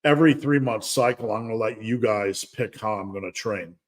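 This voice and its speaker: A man's voice: on the low side, brisk. A middle-aged man hosting a casual fitness livestream Q&A, chatty and rambling, with asides and laughs. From United States. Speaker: fitness coach and livestream host.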